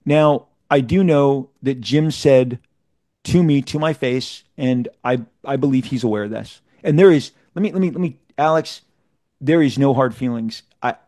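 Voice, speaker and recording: A man being interviewed, telling a long story in a casual, animated way, often restarting and repeating words as he goes. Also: medium pitch, moderate pace, no room sound, clean studio sound. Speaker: interview guest.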